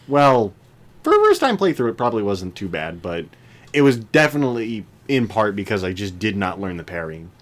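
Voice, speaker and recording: A man's voice: fairly low pitch, wildly swooping pitch, fairly quick. A young man co-hosting a podcast in casual chat, laughing often and putting on voices when he quotes. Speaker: podcast co-host.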